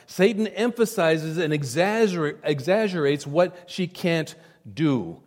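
A man's voice: high voice, expressive, a little slow, a little mellow. Emphatic preaching man in a hall. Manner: emphatic, repetitive preaching, direct address to listeners. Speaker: pastor. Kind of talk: sermon.

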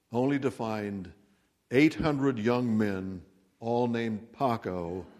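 A pastor preaching a Christmas sermon in a slow, dramatic way, building to emphatic peaks. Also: male voice, on the low side, a little mellow. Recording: long reverb of a large hall.

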